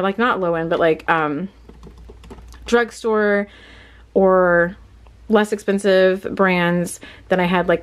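Filming on a handheld phone, a young woman with a clean, medium-pitched voice gives a casual tour of her small bedroom. She's chatty, candid, and a bit out of breath, rambling with plenty of fillers.

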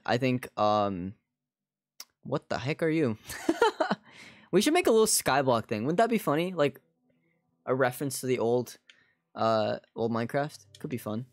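A man's voice: mid-range voice, dry recording. Rambling male streamer, dry close sound. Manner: rambling, many "like" fillers, talks to chat. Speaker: game streamer. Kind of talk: casual live gaming chat.

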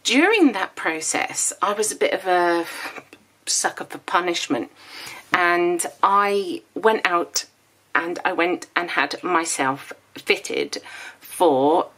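A woman's voice: lowish voice, expressive, takes it slowly, fairly bright tone. Chatty woman in her thirties with a slight lisp. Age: 30s. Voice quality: slight lisp from dental aligners. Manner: chatty and rambling, with small laughs. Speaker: planner vlogger. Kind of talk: casual vlog chat.

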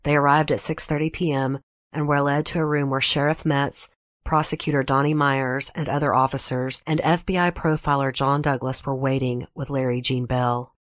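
Very low-voiced woman narrating true crime. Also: fairly even intonation, no echo, studio quality. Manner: measured, reads quotes in her own voice. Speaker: true crime podcast host.

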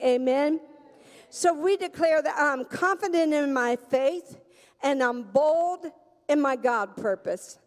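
A woman pastor preaching a sermon in a church, slow and emphatic, drawing the congregation into call-and-response. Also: high voice, big-room sound. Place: church sanctuary.

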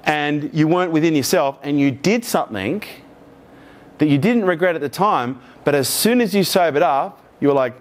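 Animated swearing man giving a keynote. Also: a little high, moderate pace. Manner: swearing, animated, acts out quoted voices. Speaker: motivational keynote speaker. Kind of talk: live keynote talk to an audience. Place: conference room with live audience.

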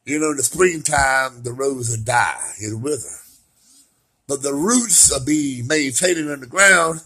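Husky, bright-voiced man in his forties. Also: measured pace. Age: 40s. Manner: animated, swinging from loud laughing outbursts to soft low talk. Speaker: vlogger. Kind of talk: casual rambling monologue. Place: at home lying in bed by an open window.

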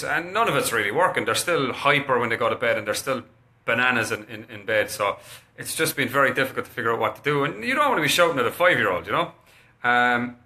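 A man, chatting casually to camera and telling a story in a lively, animated way. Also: medium pitch. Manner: chatty, animated, acts out what he said to his kids. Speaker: kinesiologist recommending a parenting book.

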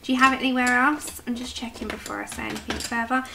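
A woman's voice: on the high side, fairly even intonation, quick pace, vocal fry, noisy background. A woman chatting casually as she hosts a colouring livestream, reading comments aloud and talking to her dog. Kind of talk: casual chat with live chat. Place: home, at her desk.

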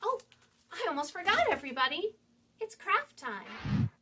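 Brief: children's librarian, woman, bright animated voice, unhurried read-aloud full of questions for the kids. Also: extremely high pitch. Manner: animated, sing-song, asks young listeners questions. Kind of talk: reading a picture book aloud to children.

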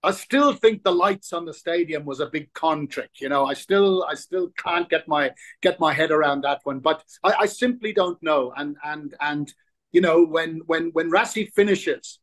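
A man in his sixties chatting as an interview guest. He tells stories in an animated way, often restarting his sentences as he goes. His voice sits a little higher than most men's. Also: normal speed. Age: 60s. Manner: animated storyteller, frequent restarts. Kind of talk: casual interview chat.

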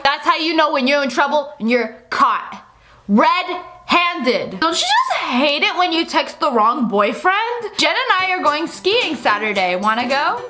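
A woman's voice: high-pitched, bright, forceful tone. A young woman hosting a video, reading funny texts aloud and reacting with frequent laughter and mocking voices. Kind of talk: casual reaction commentary.

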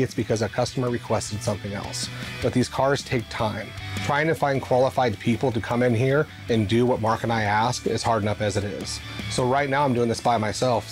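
A man who paints and details cars at a restoration shop, explaining his work steps in a plain, matter-of-fact way. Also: medium pitch. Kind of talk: reality show interview and work commentary.

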